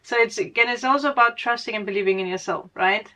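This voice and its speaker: A woman's voice: fairly high pitch, fast, bright, forceful tone. A woman giving a casual spiritual reading as a tarot reader, rambling, laughing often and correcting her own words. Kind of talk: casual spiritual guidance monologue.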